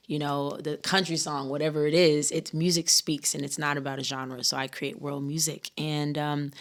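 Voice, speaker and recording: A woman speaks as a podcast guest in a low, level voice that barely rises or falls. She talks about her work in steady, declarative sentences. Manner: measured, declarative self-description. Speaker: guest recording artist. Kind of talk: podcast interview.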